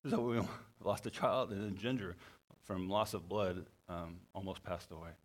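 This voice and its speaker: A man preaching a sermon as a pastor, halting and often repeating his words. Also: low voice, steady tone.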